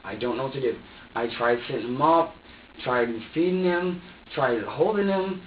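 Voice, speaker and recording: A man's voice: mid-range voice, moderate pace. A man being questioned by police, rambling anxiously, repeating himself and restarting his sentences. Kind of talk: police interrogation statement. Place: police interview room. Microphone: room recorder, far from the mic. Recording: roomy, distant, dull lo-fi recording with faint hiss.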